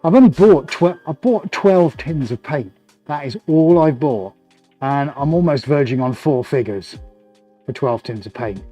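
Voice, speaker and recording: A man's voice: medium pitch, lively intonation, a little slow, mellow, faint music behind. A man hosting a live painting stream, chatting and joking as he works in his studio. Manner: chatty, jokey, laughs often while working. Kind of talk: casual live-stream commentary. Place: art studio, indoors.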